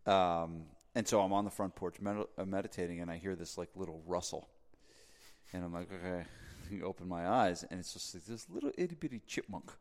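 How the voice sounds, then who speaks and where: A man's voice: low-pitched, fairly quick, long reverb tail. A man from New Jersey, a podcast host, telling a casual story full of fillers and asides. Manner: rambling, filler-heavy, animated when making a point.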